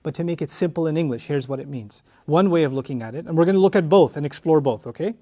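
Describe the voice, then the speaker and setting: A man with a notably high-pitched voice teaches a lecture on Quran commentary. He works through the Arabic word by word, reciting verses and repeating key phrases to drive them home. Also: quick pace, dark tone.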